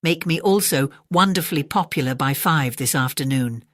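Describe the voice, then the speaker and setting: A woman's voice: sits low, normal speed, no echo, close to an everyday voice. A woman voicing a proud, demanding male kangaroo, kept close to her plain reading voice.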